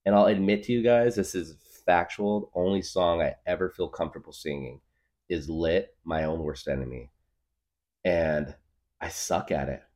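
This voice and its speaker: A man's voice: sits low, normal speed, a little mellow. A man in his thirties hosting a podcast, rambling through a comedic monologue with lots of fillers. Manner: rambling, full of fillers, laughs at his own jokes. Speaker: podcast host.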